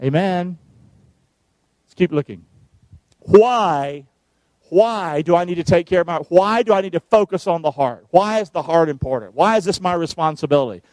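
A male preacher, giving a sermon, calling on the congregation to answer and shouting verses out. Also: sits high, expressive, moderate pace, dry recording. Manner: calls for responses, shouts the verses out.

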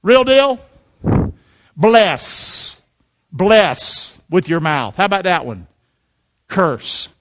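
A middle-aged pastor delivers a sermon in a high-pitched male voice, drawing the congregation in with questions and calls for agreement. The recording sounds muffled and lo-fi. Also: big pitch swings, very slow, long pauses, a bit bright. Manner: call-and-response preaching with frequent "amen?".

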